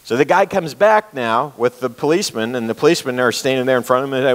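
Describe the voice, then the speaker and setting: A man's voice: medium pitch, fast talker. A man preaching a sermon, earnestly retelling a story and repeating key phrases for emphasis. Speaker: pastor. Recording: long reverb of a large hall.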